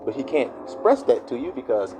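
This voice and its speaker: Male preacher, casual sermon, lively swooping delivery that jumps into quoted voices. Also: medium pitch, a little fast, background noise. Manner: animated, acts out quoted voices. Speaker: online preacher.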